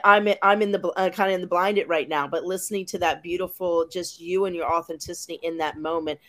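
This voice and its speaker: A woman podcast host responding in casual chat, affirming and a little halting. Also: lowish voice, steady tone, fairly bright tone.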